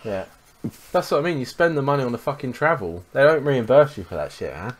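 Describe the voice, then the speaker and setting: A young man, co-hosting a podcast and telling sweary, animated anecdotes in casual chat. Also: mid-range voice, fast. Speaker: podcast co-host.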